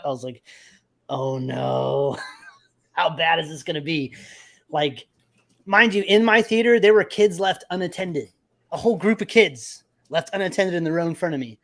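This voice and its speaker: Profane man telling a story. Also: a little high. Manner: profane, animated storytelling with laughs. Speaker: podcast host. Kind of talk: casual chat, storytelling.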